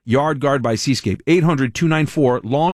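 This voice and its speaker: A man's voice: medium pitch, normal speed, darkish tone. Rambling, chatty male radio host. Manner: chatty, repetitive, stops to correct himself. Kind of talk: rambling live ad read.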